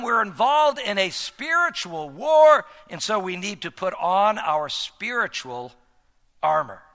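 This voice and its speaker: Male pastor, sermon delivery, high and very bright, emphatic, long room reverb. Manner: emphatic preaching with wide swings in loudness.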